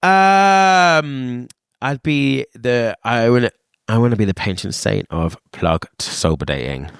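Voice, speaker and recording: A man's voice: medium pitch, expressive, takes it slowly, vocal fry, smooth, dry recording, studio quality. A man talking as a podcast guest in casual comedic chat, giggly, playful and often hesitant. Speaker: podcast guest, drag performer.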